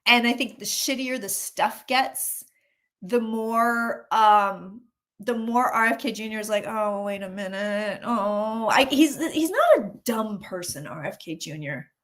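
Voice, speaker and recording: A woman's voice: a little high, unhurried. Chatty woman doing a tarot livestream. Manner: chatty, animated, acts out voices of people. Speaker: psychic reading tarot on a livestream. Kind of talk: casual livestream chat.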